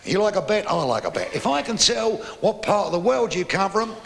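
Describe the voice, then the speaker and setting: A man voicing a blunt Australian sheep farmer in a stand-up joke, in a high put-on voice with a long live-room echo. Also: very animated, a little fast, creaky, full character voice. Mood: bargaining, astonished. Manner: brash, high-pitched put-on voice.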